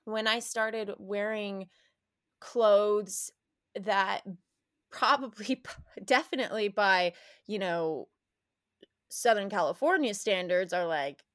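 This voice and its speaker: A woman speaking as an interview guest, animated and candid, often restarting sentences and laughing as she talks. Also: mid-range voice, slow, pauses often, no echo, studio quality.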